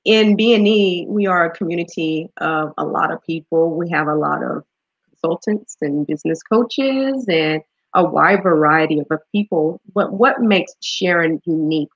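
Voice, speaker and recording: A woman's voice: lowish voice, moderate pace, no echo, dull audio. A woman hosting an interview, asking questions and sharing her views in an encouraging, conversational way. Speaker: interview host. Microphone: video call.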